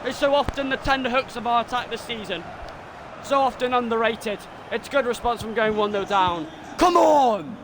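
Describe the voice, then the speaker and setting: A young man streaming a football video game, giving his own excitable commentary that swings between frustrated rants and shouted goal calls. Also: extremely high pitch, fairly quick, noisy background. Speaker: gaming streamer doing self-commentary.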